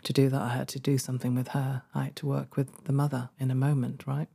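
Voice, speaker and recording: A middle-aged woman telling a personal story in an interview, earnest and warm, laughing often and growing emotional. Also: very deep voice, flat delivery, fast, vocal fry, breathy edge. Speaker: guest, former social care worker. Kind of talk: conversational storytelling.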